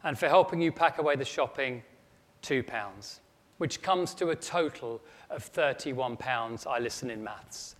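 A man's voice: medium pitch, expressive, unhurried, close to an everyday voice. A man voicing a cheeky young boy who reads out prices in a perky, emphatic way. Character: cheeky young British boy billing his mum. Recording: long echo of a large hall.

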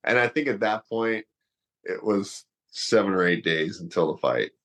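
Man, low voice, rambling, lots of "like" and "you know", casual storytelling. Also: lively intonation, normal speed, a bit bright. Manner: rambling, lots of fillers, laughs through story. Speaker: guest, former wrestler and fighter.

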